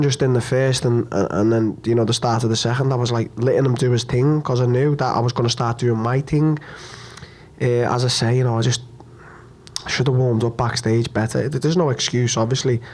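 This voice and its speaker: A young man with an ordinary middle-pitched voice, steady and darkish in tone, speaks at a post-fight press conference. Upset and hurt after the loss, he's blunt and halting, repeating himself and swearing along the way.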